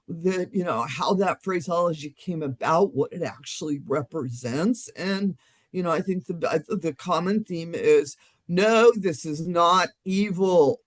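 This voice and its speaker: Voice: medium pitch, unhurried, husky. Blunt, earthy co-host. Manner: blunt, emphatic, earthy and profane. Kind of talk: live-streamed spiritual discussion.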